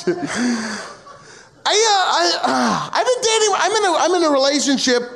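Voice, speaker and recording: A young man from the United States works through a stand-up comedy set in a strikingly high voice. He rambles, mocks himself and launches into profane rants, acting out little scenes along the way. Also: sing-song, moderate pace, gravelly, fairly bright tone. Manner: rambling, self-mocking, profane rants with acted-out asides.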